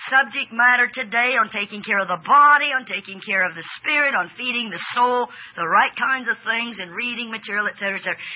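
Husky woman preaching with drawn-out emphasis. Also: fairly high pitch, lo-fi sound. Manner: emphatic, drawn-out stresses, asks audience questions. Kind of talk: sermon with audience exchange.

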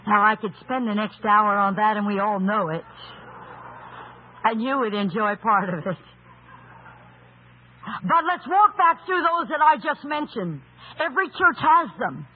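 A slow, deliberate male preacher with a very high, husky voice. He tells his sermon as a story and stresses his points emphatically, sometimes rising to a shout. The sound is thin and tinny, like a phone line. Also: animated. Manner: rhetorical questions, storytelling.

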